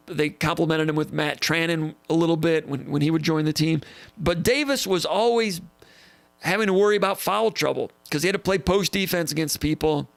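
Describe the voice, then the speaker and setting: Man, gravelly voice, fairly high pitch, casual live-stream host, animated storytelling, repeats phrases for emphasis. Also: no echo. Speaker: host answering viewer questions.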